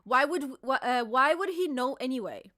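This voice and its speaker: Bright high-pitched excitable young woman. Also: normal speed, dry recording, studio quality. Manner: excitable, giggly, full of restarts and slang. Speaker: co-host reacting to a manga chapter. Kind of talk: casual live reaction chat.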